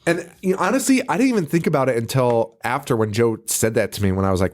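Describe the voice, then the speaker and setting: A podcast co-host casually recaps a horror film, swearing a lot, laughing, and acting out scenes in silly voices. His medium-pitched voice is animated and fast, with hardly any pauses.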